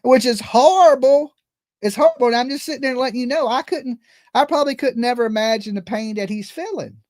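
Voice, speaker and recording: A man's voice: very high voice, fast, no echo, clean studio sound. A man hosting a true-crime livestream, talking in a casual, rambling and earnest way and often repeating himself.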